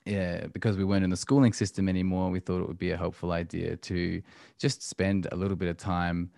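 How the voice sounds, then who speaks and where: A man's voice: sits low, level tone, a little fast, gravelly, darkish tone, no echo, clean studio sound. A man, talking about family life as a podcast guest in a reflective, hesitant way full of ums. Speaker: podcast guest, musician and homeschooling parent. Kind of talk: casual interview talk.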